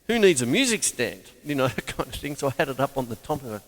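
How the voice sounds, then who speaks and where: An older man, giving a casual spoken drum lesson, chatty and self-mocking with sudden loud exclamations. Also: mid-range voice, sing-song, quick pace, over loud music. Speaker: drum teacher. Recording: drum studio with long reverb and loud drums.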